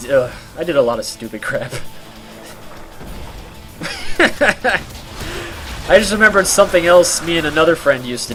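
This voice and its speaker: A man streaming a game while telling a rambling story, full of fillers and laughs. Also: a little high.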